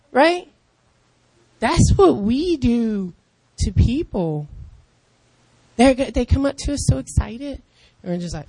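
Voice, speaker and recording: A woman in her fifties preaching with a lively, swooping voice that rides fairly high. She acts out other people's voices and calls out in excitement. The sound is close and dry. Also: normal speed, no room sound. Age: 50s. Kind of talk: lively sermon.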